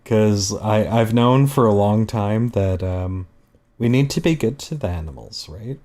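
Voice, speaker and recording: A man's voice: lowish voice, unhurried, mellow. A young Canadian man with a Canadian accent, rambling and laughing through casual chat while he draws on his stream. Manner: rambling, laughs often, drinking. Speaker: streamer, drawing artist.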